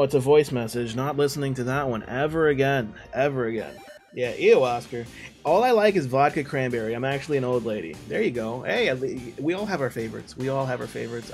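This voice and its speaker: A male game streamer in a loose, chatty mood, riffing on viewer messages with a playful and rambling delivery. His voice sits at a middle pitch, and faint music plays underneath. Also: expressive, brisk, a little mellow. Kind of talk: casual live-stream chat, reading out viewer messages.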